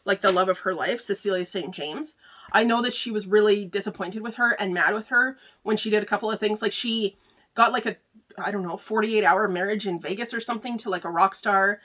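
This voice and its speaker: A woman hosts a casual book review, talking in a loose, chatty way full of filler words. Her voice sits a little high and sounds bright and clear. She laughs easily between thoughts. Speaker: book club host.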